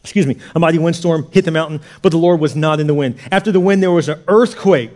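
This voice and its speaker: A male pastor preaching a sermon in an animated way, swinging from loud punches to hushed near-whispers. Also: a little high, fast talker.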